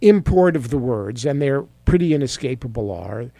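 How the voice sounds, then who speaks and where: A man's voice: medium pitch, expressive, moderate pace, dark tone, dry recording. A middle-aged man hosting a talk radio show, giving sarcastic, mocking political commentary.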